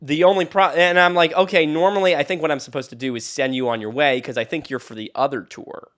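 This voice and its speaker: A man's voice: on the high side, steady tone, fast, a bit bright. A young man, a podcast co-host, telling stories in casual chat, rambling with many restarts and frequent laughter. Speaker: podcast co-host and tour guide.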